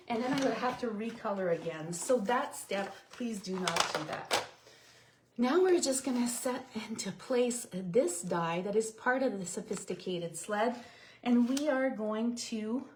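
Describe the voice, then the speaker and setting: A woman's voice: fairly high pitch, reverberant, noisy background. A woman leading a live card-making tutorial, chatting and explaining each step while reading viewer comments.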